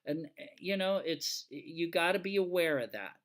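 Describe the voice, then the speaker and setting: A man's voice: fairly high pitch, animated, moderate pace, a bit bright. An older man, a retired fire engineer, giving a casual lecture full of folksy stories and fillers. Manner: folksy, anecdotal, with many fillers.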